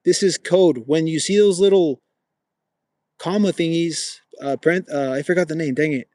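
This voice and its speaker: A young male livestream host walks with a gimbal, chatting casually with viewers and saying bro a lot. His voice is a little high with a darkish tone, at normal speed, in a dry recording.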